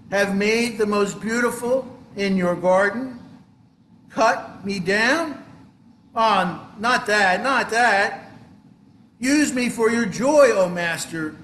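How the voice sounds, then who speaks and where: A man's voice: high voice, pushed and bright, reverberant, slight background noise. A man voicing a devoted young bamboo plant, pleading in trembling dismay in a told parable.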